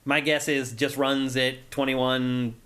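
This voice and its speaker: A man's voice: medium pitch, level tone, slow, a bit bright. A man co-hosting a gaming podcast, chatting casually and enthusiastically, often laughing. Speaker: podcast co-host.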